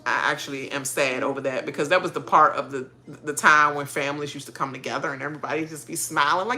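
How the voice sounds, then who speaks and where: A woman hosting a reality show reaction, ranting in casual chat, animated and often laughing. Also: low voice, fast talker. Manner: animated, laughing, mocking quoted voices.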